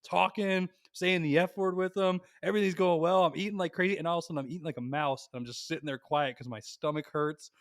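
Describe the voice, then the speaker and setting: A young man on a podcast, telling a long family story in a lively, animated way and swearing freely. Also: fairly high pitch, fast talker, hardly any pauses, dry recording, studio quality. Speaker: podcast co-host. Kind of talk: casual storytelling chat.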